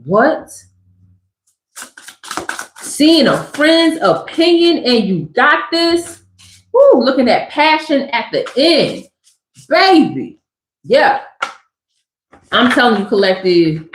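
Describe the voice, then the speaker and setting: A woman's voice: fairly high pitch, big pitch swings, slow pace, pauses often, roomy sound, a little hiss or hum. A middle-aged woman giving a motivational spiritual reading to her viewers, emphatic and affectionate, often repeating her phrases. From Southern California.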